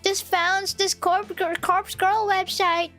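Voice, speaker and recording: A woman's voice: very high voice, little pitch movement, slow pace, pushed and bright, soft background music, voice pushed up, heavily acted. A woman voicing a snide young woman office worker from a game, drawling and mocking.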